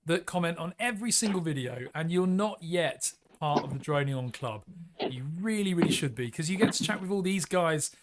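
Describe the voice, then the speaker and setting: A man's voice: a little high, a little hiss or hum. An English man hosting a live flight simulator stream, upbeat and chatty, laughing often and coaxing viewers into the chat.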